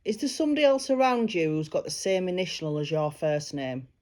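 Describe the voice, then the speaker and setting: A woman's voice: fairly low pitch, big pitch swings, fairly quick. Reassuring woman giving a psychic reading. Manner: gentle, reassuring, relays spirit messages. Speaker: psychic medium.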